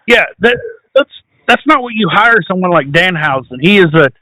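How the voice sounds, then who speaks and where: A man hosts a casual podcast, easygoing and quick to laugh, with plenty of swearing. His voice sits high and bright, recorded dry with no room sound. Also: animated, dry recording, poor audio. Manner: laid-back, laughs often, swears. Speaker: podcast host. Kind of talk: casual chat.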